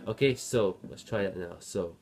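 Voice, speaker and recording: This guitar teacher has a low voice and a moderate pace, explaining patiently and counting beats out loud as he plays. His loud guitar playing covers his speech.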